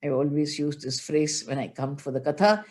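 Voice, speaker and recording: A woman's voice: deep voice, moderate pace, a little mellow. Older woman giving an emotional religious discourse. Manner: emotional, emphatic storytelling with chanted verses. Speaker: spiritual teacher.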